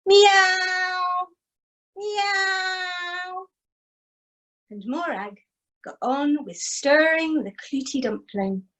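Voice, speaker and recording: A woman storyteller telling a traditional tale for families, expressive and inviting the listeners to join in with animal sounds. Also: sits high, slow, low-quality recording.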